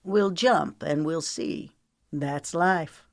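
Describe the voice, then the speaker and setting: A woman's voice: low voice, drawn-out words, dry recording, clean studio sound, heavily acted. Woman voicing a playful, teasing young man.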